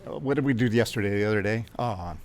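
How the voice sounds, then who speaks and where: A man's voice: lowish voice, fast, darkish tone. A man on a livestream, laid-back, reeling off a casual pilot radio call.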